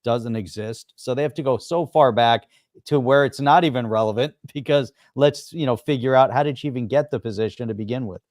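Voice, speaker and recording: A man co-hosting a livestream, sarcastic and quick to laugh in casual chat. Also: medium pitch, a little mellow, dry recording, clean studio sound. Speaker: livestream co-host.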